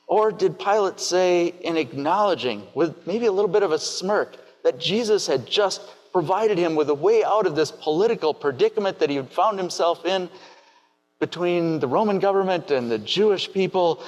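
A man preaching a sermon in a measured, reflective way, asking many rhetorical questions. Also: sits high, poor audio. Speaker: pastor.

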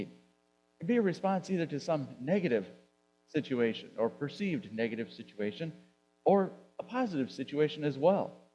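A man's voice: mid-range voice, lively intonation, mellow, lo-fi sound, a little hiss or hum. Conversational male pastor preaching. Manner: conversational, rhetorical questions, drawn-out emphasis. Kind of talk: sermon. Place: church sanctuary.

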